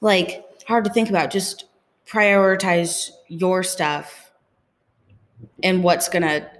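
A woman's voice: fairly low pitch, takes it slowly, big-room sound. A woman speaking as a podcast guest in a chatty, upbeat way, using lots of fillers. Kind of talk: casual conversation.

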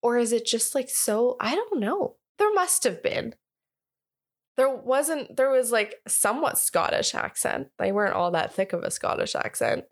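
A woman's voice: fairly high pitch, expressive, normal speed. A young woman co-hosting a podcast, chatting casually about an old film and acting out her own reactions. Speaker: podcast co-host.

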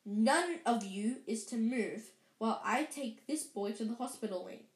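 A woman reading aloud and voicing a stern middle-aged female teacher giving firm, brisk orders, in a roomy space. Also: fairly high pitch, animated. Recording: roomy echo.

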